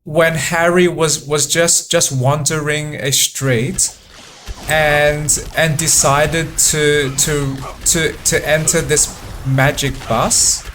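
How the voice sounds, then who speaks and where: A man giving relaxed let's-play commentary, stopping and repeating words as he thinks aloud. He talks extremely slowly in a fairly high voice, and faint room ambience sits behind him. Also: a little hiss or hum. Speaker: gameplay commentator.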